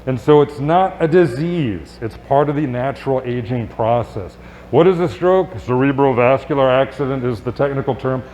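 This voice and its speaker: A man's voice: medium pitch, a little mellow, slight background noise. Man giving an upbeat health talk. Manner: conversational and upbeat, with rhetorical questions and quick asides. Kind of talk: live presentation to an audience. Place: public event space.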